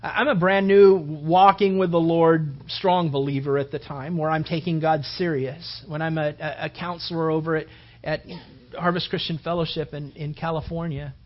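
A man's voice: fairly high pitch, flat delivery, moderate pace. A man preaching a conversational sermon, rambling casually and peppering his talk with "you know" and "man". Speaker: pastor. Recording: dull lo-fi recording.

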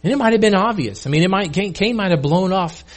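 A man with a fairly high, husky voice preaches in a relaxed, chatty style. He stumbles and repeats himself as he talks his way through the passage, addressing listeners directly. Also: fast talker. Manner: casual, conversational preaching with many restarts. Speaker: pastor. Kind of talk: sermon.

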